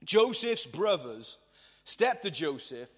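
A young man with a fairly high voice tells a Bible story to a youth group in lively, slangy speech, jumping in and out of the characters' voices. His voice rings out with a long reverb from the hall he speaks in. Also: slow, husky. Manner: energetic and slangy, acting out quoted voices.

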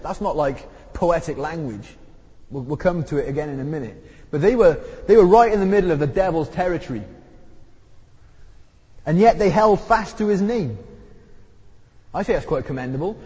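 A man's voice: darkish tone, husky. A man preaching a conversational, emphatic sermon, his throat sore. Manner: conversational, emphatic preaching with rising pitch on key points. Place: church hall. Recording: dull recording with long hall reverb.

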